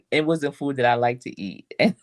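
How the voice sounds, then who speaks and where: A woman's voice: a bass voice, animated, normal speed, a little mellow. A middle-aged woman coach telling a story in a casual motivational talk, laughing often and calling her listeners y'all. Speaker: life coach.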